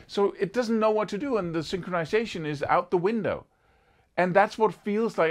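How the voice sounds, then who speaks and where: A man teaching a guitar lesson in a casual, animated way, sometimes singing rhythms as syllables. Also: high voice, moderate pace. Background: guitar playing.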